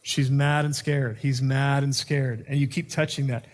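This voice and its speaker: A man giving a teaching talk on communication skills, an animated storyteller who acts out dialogue. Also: medium pitch, unhurried. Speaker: speaker teaching communication skills to youth workers.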